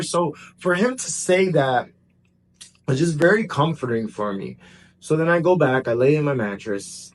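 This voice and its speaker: A man telling a personal story in a casual, animated way, jumping between excited bursts and hushed asides. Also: fairly high pitch, normal speed. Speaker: vlogger.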